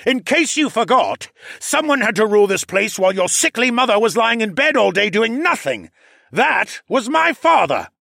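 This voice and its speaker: Huxley, a man doing a shrill hotheaded young lord. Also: very animated, normal speed, gravelly, no room sound, clean studio sound, heavily acted. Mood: yelling. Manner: yelling, bratty.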